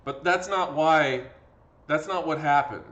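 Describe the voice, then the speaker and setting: A man's voice: fairly high pitch, measured pace, a bit bright, highs cut off. Man, history teacher, tired, casual lecture, fillers, acted-out quotes, video lesson mic. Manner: conversational, acts out quotes with fillers. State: tired from talking. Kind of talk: classroom lecture.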